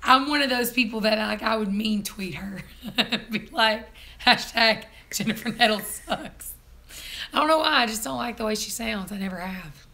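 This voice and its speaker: A hoarse woman, hosting a casual live-stream chat, chatty and quick to laugh. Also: a little high, sharp tone. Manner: chatty, laughs often, teasing. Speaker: vlog host.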